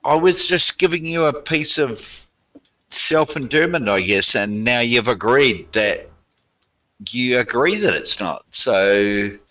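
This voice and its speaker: An Australian man argues in a loose online chat, his voice bright and ringing. He swears freely and sounds exasperated, pushing his point with loud outbursts. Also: mid-range voice, expressive, slow. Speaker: helicopter pilot guest. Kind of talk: heated casual debate.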